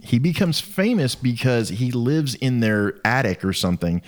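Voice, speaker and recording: A man's voice: medium pitch, very animated, moderate pace. A man co-hosting a casual chat, eagerly jumping in to add details. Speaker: podcast co-host.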